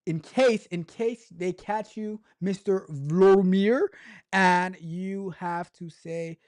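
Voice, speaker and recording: A man's voice: high-pitched, slow, a little mellow, smooth. A man hosting a casual tech livestream, joking around and reading news aloud with stumbles and repeated words.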